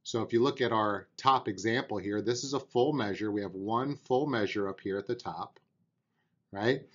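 A man's voice: on the low side, moderate pace. Patient male drum teacher, lo-fi sound. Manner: patient, counts out beats aloud; encouraging. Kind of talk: beginner music lesson.

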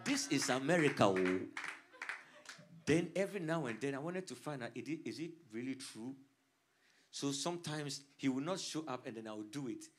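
A man's voice: mid-range voice, expressive, moderate pace, slight background noise. A man from Africa, a pastor preaching a sermon with fervor that swells in volume. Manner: fervent preaching that swells in volume, punctuated with "hallelujah". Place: church service streamed online.

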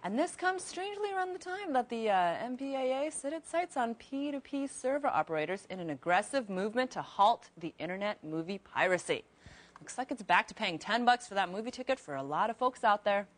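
Female news presenter, slightly high, bubbly and wry. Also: lively intonation, brisk. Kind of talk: reading tech news with asides.

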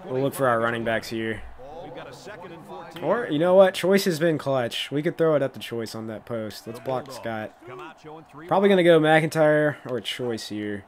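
An excitable man talks through his own video game plays in loose, casual commentary. He thinks aloud about each call and bursts out laughing at big moments, with a voice that cracks now and then. His pitch sits in an ordinary middle range. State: voice cracking, coughing. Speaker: gaming YouTuber playing a football video game.

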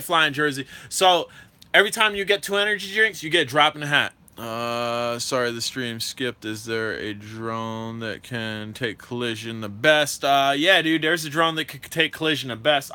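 Young male drone streamer, hyper and slangy, with a bright, forceful voice set a bit high; casual livestream chat.

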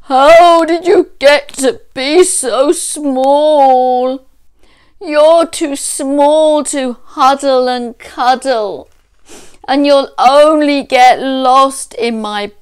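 A woman voicing a big bear in a children's storybook, bellowing loudly and slowly. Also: high-pitched, fairly even intonation, smooth, pitched above the performer's own voice. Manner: loud, drawn-out bellowing.

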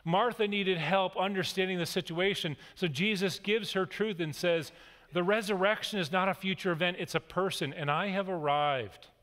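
A man's voice: high voice, moderate pace, fairly bright tone. A man in his forties preaching a sermon, reading scripture and telling stories in an earnest, conversational way. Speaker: pastor. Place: large church hall. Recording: long hall reverb.

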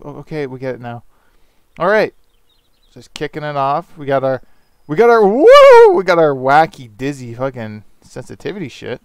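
A man's voice: mid-range voice, gravelly, smooth, no room sound. A man on a headset mic, rambling through casual let's-play commentary with self-deprecating jokes and casual swearing. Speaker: gaming channel host.

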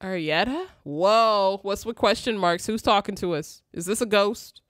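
Esprili genç kadın yayıncı. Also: female voice, medium pitch, a little slow, fairly bright tone, no room sound, studio quality. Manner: joking, reactive, slangy. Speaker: streamer. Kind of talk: casual gameplay commentary.

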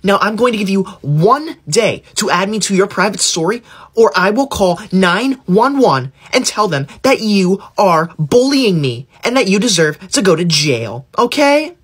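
A man plays a self-righteous, domineering schoolchild in a heavily acted sketch, his high-pitched voice swinging widely, a bit bright with a breathy edge. Preachy and whiny, the teacher's pet lectures everyone and quickly threatens to report them to the teacher.

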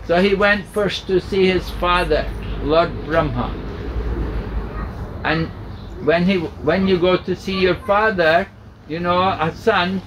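Slow-spoken male swami telling a sacred story. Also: a little high, slight background noise, poor audio. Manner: slow, repetitive, patient storytelling. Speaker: swami, spiritual teacher. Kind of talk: storytelling sermon. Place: home gathering indoors.

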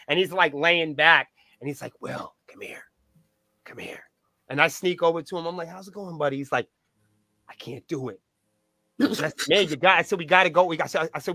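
Man in his own voice, a raised-pitch, bright storyteller with a foul mouth, recorded close and dry; acts out every exchange. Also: dry recording. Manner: profane, animated storyteller acting out dialogue. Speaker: band's point of contact. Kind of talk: casual anecdote-telling in a podcast interview.

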